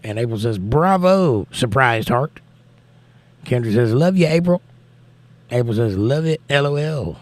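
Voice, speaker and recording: A man's voice: medium pitch, expressive, measured pace, pauses often, no room sound. A man hosting a livestream, reading viewer comments aloud and answering them in casual chat.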